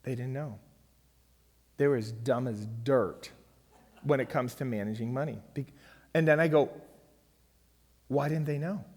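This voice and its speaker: A man's voice: medium pitch, moderate pace, long pauses, a little mellow. A middle-aged man giving a church finance seminar in an emphatic way, often checking in with his audience. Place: church hall. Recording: long reverb of a church hall.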